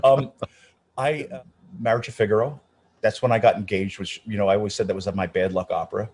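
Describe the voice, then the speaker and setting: Speaking a little fast with a fairly low pitch, this middle-aged man is an opera singer recounting anecdotes during a casual interview. The recording carries a slight hiss or hum. He tells his stories animatedly, restarting frequently and performing the quoted voices.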